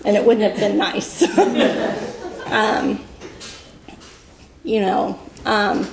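At a recovery meeting, a woman in her fifties shares her personal story, rambling with many fillers and laughing through emotion. Her mid-range voice is gravelly and extremely slow, heard in an echoey room with a crowd in the background.

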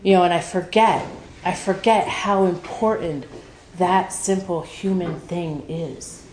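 A woman's voice: fairly low pitch, measured pace, darkish tone. A woman telling a personal recovery story at a meeting, candid and emotional, swearing freely and full of fillers. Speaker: speaker sharing at a recovery meeting. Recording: echoey room with noise.

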